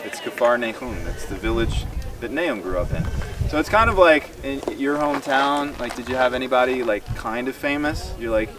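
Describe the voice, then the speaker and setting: A man giving an animated, emphatic Bible teaching to a tour group outdoors. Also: mid-range voice, normal speed. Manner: animated and emphatic, acts out quoted dialogue. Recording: distant mic outdoors with crowd noise.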